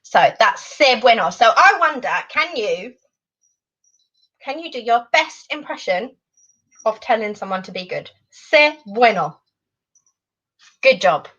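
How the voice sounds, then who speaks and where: Bright, high-voiced woman teaching children. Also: measured pace, muffled recording. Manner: animated, encouraging, sing-song teacher voice. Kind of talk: online children's language lesson.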